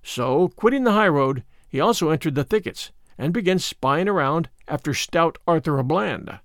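A man reading an old-fashioned tale aloud with an expressive delivery. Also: a little high, normal speed, dry recording, clean studio sound. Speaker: narrator. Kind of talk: storybook read-aloud.

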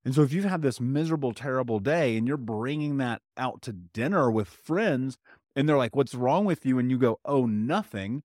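A man's voice: mid-range voice, a little fast, darkish tone, no echo, clean studio sound. Direct, conversational male podcast coach. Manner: direct, conversational, often asks "right?"; plain-spoken, with casual swearing. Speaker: trauma healing coach and podcast host. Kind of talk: motivational solo podcast talk.

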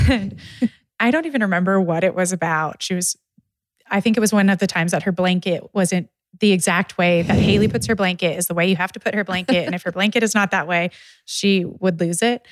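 A woman's voice: fairly low pitch, brisk, no echo. A woman chatting casually about toddler tantrums, telling stories with frequent laughs. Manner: laughs often, tells stories animatedly. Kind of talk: casual chat.

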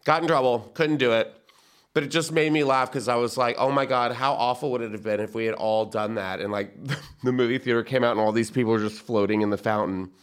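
A man hosting a podcast, telling a funny story in a casual, camp, animated way and laughing at his own jokes. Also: medium pitch, fairly quick, clean tone. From San Antonio, Texas. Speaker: podcast host.

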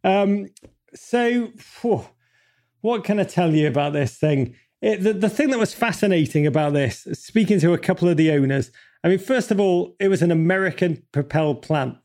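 A man's voice: high voice, expressive, normal speed, darkish tone. A man speaking as an interview guest, emphatic and impassioned, building rhetorical lists and swearing casually. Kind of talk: passionate interview talk.

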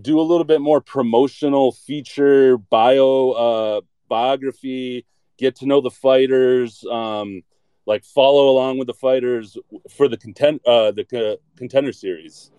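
A man's voice: medium pitch, dark tone, clear, resonant tone, no room sound. A man chatting casually and bluntly, rambling with lots of filler words and jokes. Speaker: podcast segment contributor. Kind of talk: casual chat.

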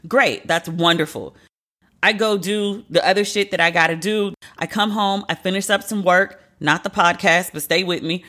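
Bright-voiced podcast host ranting. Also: mid-range voice, normal speed. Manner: animated, profane, venting rant. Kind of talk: casual solo podcast monologue.

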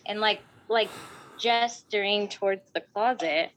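A woman telling a personal story in casual talk, animated and often saying "like". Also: mid-range voice, measured pace, poor audio. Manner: animated, acts out voices in quotes, fills with "like".

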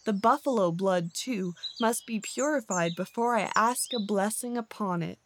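A woman's voice: mid-range voice, normal speed, slight background noise, close to an everyday voice. A woman voicing an old male badger, a humble and hungry father who speaks in a pleading, prayerful way, in a storybook tale. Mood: earnest.

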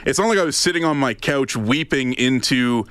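A man's voice: mid-range voice, moderate pace, fairly bright tone, clean tone. A man co-hosting a radio talk show, sharing personal stories in an open, earnest way. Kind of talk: casual on-air chat.

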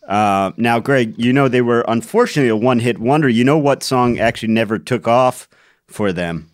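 A man's voice: mid-range voice, brisk. A man co-hosting a podcast, chatting casually and playfully, laughing often and going off on joking tangents. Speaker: podcast co-host. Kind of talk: casual comedic banter.

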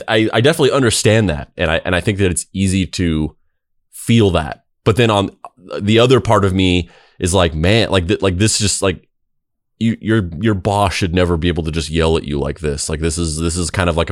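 A man's voice: deep voice, fairly quick, no echo, studio quality. A man hosting a podcast in casual chat, rambling, with many restarts and "like"s as he thinks aloud. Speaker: podcast host.

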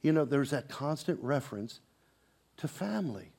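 A man's voice: medium pitch, very animated, moderate pace, gravelly, slightly rough. Man preaching a dynamic sermon. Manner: dynamic preaching, shifting from loud proclamation to hushed intensity; repeats words, conversational asides. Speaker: pastor.

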